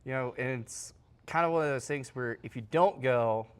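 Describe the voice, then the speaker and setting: A man's voice: mid-range voice, normal speed, smooth. A man hosting a sports interview show, asking long, rambling questions in a casual way.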